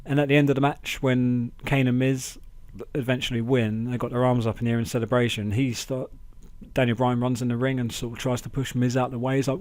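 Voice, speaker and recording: A man chats about wrestling on his podcast, quick to get excited and to act out what others said. His voice sits at an ordinary middle pitch. The sound is dry and close, with no room echo. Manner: chatty, excitable, acts out quotes in raised voices. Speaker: podcast host. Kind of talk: casual wrestling review chat.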